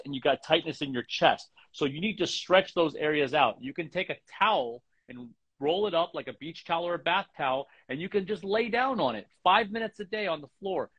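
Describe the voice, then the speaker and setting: A man's voice: fairly high pitch, fairly bright tone, breathy edge. A man presenting a health segment on a livestream show, explaining stretches step by step and demonstrating the moves on a video call. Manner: explains step by step, then emotional and halting. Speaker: chiropractor giving a health segment. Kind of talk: instructional talk on a livestream show.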